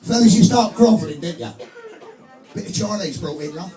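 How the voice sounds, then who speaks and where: A man in his forties with an English accent works a live club crowd with crude, punchy stand-up. His voice sits high. It rings out in an echoey room over music and a loud crowd. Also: expressive, fairly quick. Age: 40s. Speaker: stand-up comedian. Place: club stage before a live audience.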